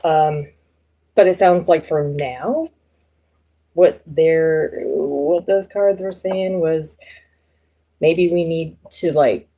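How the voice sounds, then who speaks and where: A woman's voice: deep voice, mellow. A woman doing a casual live tarot reading, chatting loosely to viewers with lots of fillers and easy laughs. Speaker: tarot reader.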